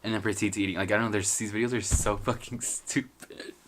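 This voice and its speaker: A man's voice: lowish voice, steady tone, brisk, fairly bright tone. A young man from a Mexican family who grew up in the US, chatting casually in a vlog in his bedroom, rambling, swearing and mocking himself. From Mexican heritage, raised in the US. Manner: profane, self-mocking, rambling with bursts of laughter. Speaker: vlogger. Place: bedroom at home.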